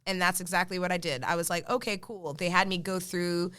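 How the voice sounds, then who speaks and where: A woman telling an animated story in casual chat, acting out the lines of people she quotes. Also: lowish voice, fairly quick, clear, resonant tone. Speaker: podcast guest.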